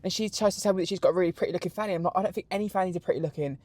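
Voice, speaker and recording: Crude, animated British man. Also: sits high, very fast, dry recording. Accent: British English. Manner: animated, crude, camp storytelling. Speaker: podcast host. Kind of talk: solo podcast answering questions.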